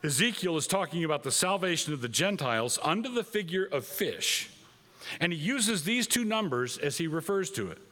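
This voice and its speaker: Male preacher mid-sermon; animated, slightly high delivery, hammers points by repeating them. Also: moderate pace. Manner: emphatic, repeats phrases for stress. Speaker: pastor.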